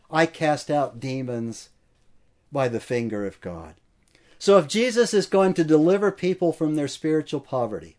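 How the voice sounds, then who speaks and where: A male preacher delivering an expository sermon in a fairly high voice. He speaks emphatically and builds momentum through chains of repeated phrases. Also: darkish tone.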